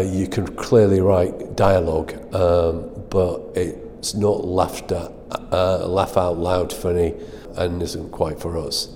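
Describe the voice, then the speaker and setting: A middle-aged man with a deep, mellow voice tells a long self-deprecating story in an interview and laughs at himself along the way. His voice carries a long reverb behind it. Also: slight background noise. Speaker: guest telling stories. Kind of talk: anecdotal storytelling.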